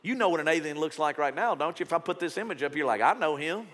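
Man, pastor, sermon, high forceful voice, long hall reverb. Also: animated, quick pace. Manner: storytelling, conversational and emphatic.

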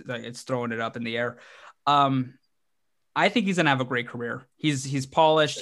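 Guy hosting a sports podcast, jokey and rambly, keeps restarting, fired up. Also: medium pitch. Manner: energetic, joking, rambling with restarts. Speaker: podcast host. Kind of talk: casual sports podcast chat.

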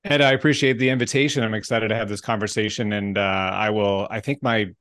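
A man's voice: on the low side, fairly even intonation, quick pace, fairly bright tone, no room sound. A man with a Southern US accent, a podcast guest who tells stories and jokes in a friendly, casual way. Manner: joking, storytelling, friendly. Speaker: podcast guest, motivational speaker. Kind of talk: casual interview conversation.

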